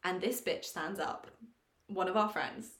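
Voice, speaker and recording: A woman co-hosting a podcast, telling a story in a lively, swearing, self-mocking way. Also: lowish voice, a little slow, roomy sound. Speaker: podcast co-host. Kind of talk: casual storytelling chat.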